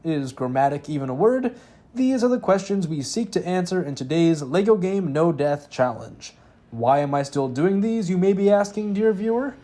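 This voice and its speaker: Young man, fairly high-pitched, gameplay commentary, scripted humor, wry asides. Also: lively intonation, normal speed, warm tone. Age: young adult. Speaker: gaming video host. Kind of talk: scripted comedic narration over gameplay.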